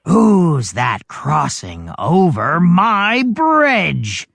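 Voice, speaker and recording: A storybook reader voicing a hungry, greedy male troll who guards a bridge, dropping lower and gloating. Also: wildly swooping pitch, extremely slow, creaky, fairly bright tone, no echo, heavily acted. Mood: menacing.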